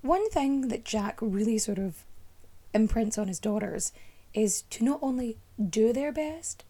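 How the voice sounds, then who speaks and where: A woman's voice: medium pitch, dark tone. A woman hosting a history storytelling show, chatting casually and tossing playful, teasing asides to her audience. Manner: emphatic, teasing humour.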